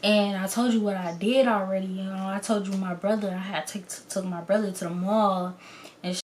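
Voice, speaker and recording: A bored young man mumbles low and offhand, as a woman mimics him in a storytime video. He sounds dismissive and can't be bothered to talk. His voice is quieter than the storyteller's. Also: steady tone, a little fast, slight background noise, lightly acted.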